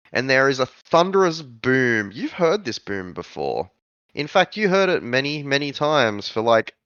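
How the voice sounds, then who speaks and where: A man runs a tabletop game, narrating with lively swings of pitch and a bright, forward tone. He improvises freely, with lots of ums and likes. The recording is dry and slightly dull. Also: no echo. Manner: animated, filler-heavy improvised narration. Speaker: game master.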